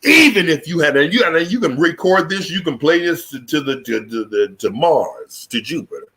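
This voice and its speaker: A man's voice: on the high side, expressive, moderate pace, pushed and bright. A man hosting a live talk show, delivering a fiery, profane political rant. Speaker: show host.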